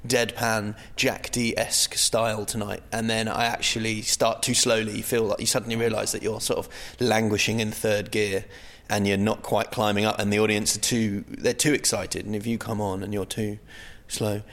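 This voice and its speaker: A comedian with a fairly low voice talks shop in a relaxed way. He slips into quoted voices to act out his stories. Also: moderate pace, few pauses, in a large hall. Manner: animated, acts out quoted voices. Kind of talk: casual chat.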